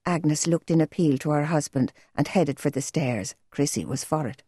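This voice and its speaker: A woman reading a novel aloud as an audiobook narrator, in a measured, gentle storytelling manner. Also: low-pitched, husky, dry recording, clean studio sound. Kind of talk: scripted narration.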